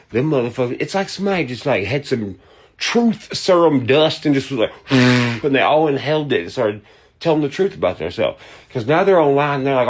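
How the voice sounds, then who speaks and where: A man rants in a heated, profane monologue, pitched squarely in the middle for a man. He swings from jeering put-on voices to flat, low asides. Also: a little fast.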